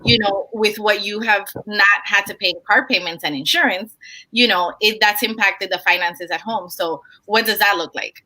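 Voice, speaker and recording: A woman's voice: medium pitch, normal speed, poor audio. A woman interviewer asking encouraging questions, moved and a little teary herself. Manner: warm, encouraging, a bit teary. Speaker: interviewer, host.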